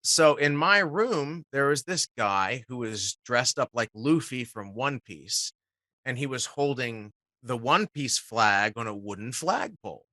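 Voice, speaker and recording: A man, a guest voice actor, telling animated stories in casual talk and swearing freely. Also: medium pitch, a little slow, no echo, clean studio sound. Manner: swears casually, acts out quotes. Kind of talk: animated storytelling.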